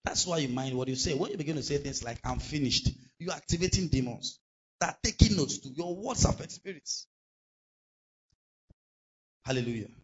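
A man's voice: on the high side, expressive, moderate pace, pauses often, dull audio, slight background noise. A male pastor, preaching a sermon emphatically and asking the congregation rhetorical questions.

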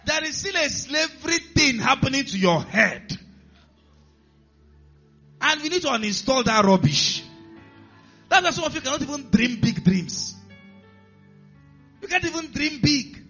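Nigerian male pastor, bright and forceful delivery, swings from low mutters to shouts, muffled lo-fi recording with faint music behind. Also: a little slow, long pauses. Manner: animated preaching, acting out characters, rising to shouts. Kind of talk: sermon. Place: church.

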